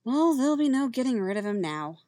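A woman's voice: a little high, big pitch swings, brisk, mellow, dry recording, clean studio sound, pitched above the performer's own voice. A woman voicing a playful, teasing adult woman with a wry manner.

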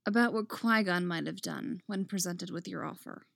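A woman's voice: on the low side, moderate pace, vocal fry, fairly bright tone, no room sound, heavily acted. A woman voicing a wry, composed woman jedi master, clipped and sceptical, in a dry recording.

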